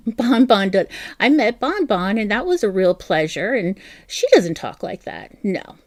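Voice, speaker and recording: A woman's voice: mid-range voice, big pitch swings, measured pace, darkish tone, no room sound. A middle-aged woman hosting a live crochet stream, chatting casually and reading viewer comments aloud.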